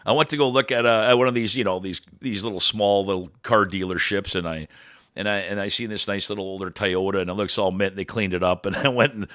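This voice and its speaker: Podcast co-host from Canada, bright forceful voice, profane rambler, dry close mic. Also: male voice, on the low side, fast talker, dry recording. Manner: blunt, profane, rambling, swings loud and soft. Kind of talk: casual ranting chat.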